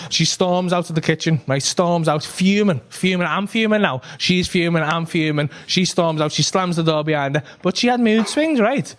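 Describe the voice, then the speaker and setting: A man's voice: on the high side, moderate pace, hardly any pauses. A young man doing a stand-up routine, rambling and swearing, working himself up into exasperated rants. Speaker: stand-up comedian.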